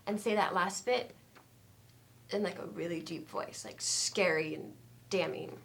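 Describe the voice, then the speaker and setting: An actress playing a bitter, suicidal middle-aged woman who speaks in a dry, deadpan way, hesitant with ums. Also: lowish voice, unhurried, gravelly. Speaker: actor in a scene. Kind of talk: stage comedy scene. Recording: faint noise in a training studio.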